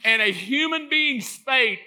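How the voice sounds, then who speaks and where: A man preaching a sermon in an animated way, acting out the voices in his story and building to impassioned shouts. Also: high-pitched, a little slow, slight background noise.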